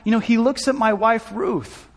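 A gravelly, very high male voice at normal speed belongs to a Southern California pastor telling a personal story with emotion. He restarts phrases as his intensity builds during this sermon storytelling, and long hall reverb fills the recording.

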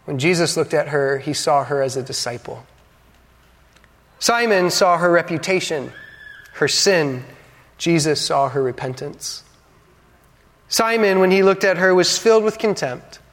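A man with a fairly high voice preaches from the pulpit, building with dramatic pauses and dropping in playful asides to the congregation. The sound has a long reverb from a large church hall. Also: animated, fairly bright tone. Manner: dynamic preaching, dramatic pauses, acts out quotes. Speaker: pastor. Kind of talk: sermon.

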